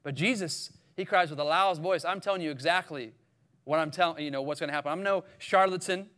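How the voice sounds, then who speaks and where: Animated Caribbean man preaching. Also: a little high, a little fast. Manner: animated storytelling, acts out the scripture scenes with sudden loud cries. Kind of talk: sermon.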